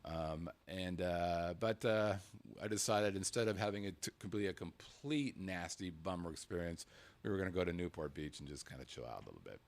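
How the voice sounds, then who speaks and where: Low, lively-voiced male podcast host. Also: fairly quick. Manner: rambling, stumbles and repeats words. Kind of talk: casual talk show chat.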